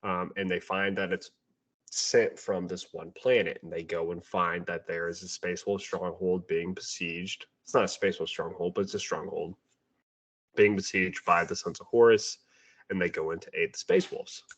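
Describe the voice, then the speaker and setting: A man's voice: low-pitched, steady tone, normal speed. A man co-hosting a casual book review podcast, talking sarcastically and mimicking characters as he retells scenes. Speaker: podcast co-host. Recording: dull lo-fi audio.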